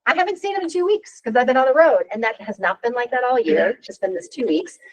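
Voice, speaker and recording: Her voice sits high and she talks fast on a rough recording. She's a woman in her fifties coaching a workshop, animated and frank, regularly adding a rhetorical "right?".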